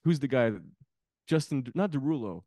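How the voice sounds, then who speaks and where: A man's voice: mid-range voice, animated, moderate pace, dark tone, no echo, studio quality. A man guesting on a podcast, chatting casually about films, rambling and laughing often. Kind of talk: casual film chat.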